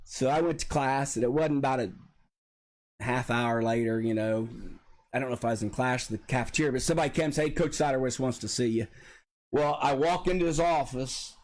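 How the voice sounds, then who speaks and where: A man, a former high school football player, telling animated stories with a laugh as a guest on a porch talk show. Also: a little fast. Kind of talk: casual storytelling.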